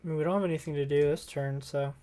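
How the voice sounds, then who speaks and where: A streamer talks through a live card game, thinking aloud move by move. The tone is casual and upbeat, with a voice sitting at an ordinary middle pitch. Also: steady tone, very fast, warm tone, a little hiss or hum. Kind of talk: live gameplay commentary.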